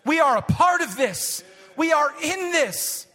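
A man pastor preaching a sermon, reading scripture slowly and with weight, rising to impassioned shouts and dropping back to a softer tone. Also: very high voice, expressive. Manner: impassioned preaching, swells to shouts then drops soft; drawn-out emphatic reading of scripture. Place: church sanctuary. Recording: long reverb of a large hall.

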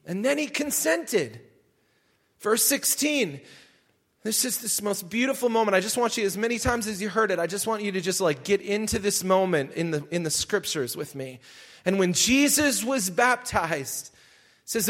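A male pastor preaching a sermon in an animated way, shouting for emphasis. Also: high voice, moderate pace.

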